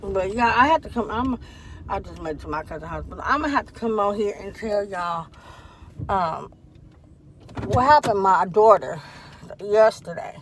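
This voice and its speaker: A woman's voice: medium pitch, moderate pace, long pauses, slight background noise. A woman, telling a story in a casual vlog from her parked car, acting out what people said. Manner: chatty, animated retelling with quoted dialogue. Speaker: vlogger.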